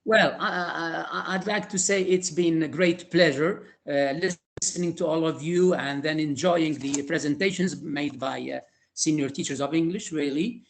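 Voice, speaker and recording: An older man giving emotional, halting closing remarks on a video call. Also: on the high side, a little hiss or hum. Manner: halting, many fillers and restarts. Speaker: retired teacher trainer.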